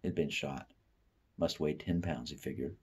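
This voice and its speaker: Appalachian-raised guy reading a short story, low and a bit husky, goes quiet for the thinking parts. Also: normal speed. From Appalachian United States. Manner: expressive reading that drops soft and low for inner thoughts. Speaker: reader.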